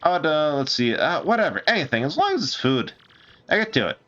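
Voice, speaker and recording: A man doing a brash, high, starving sailor. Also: big pitch swings, fairly quick, fairly bright tone, muffled recording. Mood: hungry. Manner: brash, demanding. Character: starving male dockhand sailor, loud and pushy.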